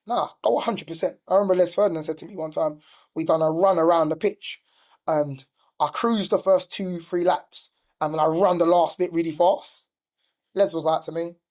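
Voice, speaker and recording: A man's voice: a little high, steady tone, fairly quick, a little mellow. A middle-aged man, a youth football coach telling stories in a casual podcast chat, full of "like" and "do you know what I mean". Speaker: youth football coach and former professional player.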